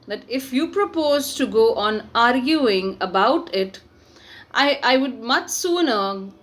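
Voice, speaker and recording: A stern older landowner scolds a younger man, read aloud by a woman teacher. The voice is high and swoops widely. It moves slowly and deliberately. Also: fairly bright tone, exaggerated voice. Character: indignant older male landowner.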